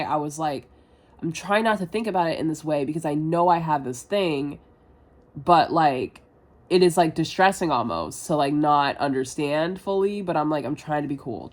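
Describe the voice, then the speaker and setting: Young woman rambling to camera, lowish voice, lots of likes and swearing, confessional vlog. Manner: rambling, self-deprecating, heavy filler words and swearing. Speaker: vlogger.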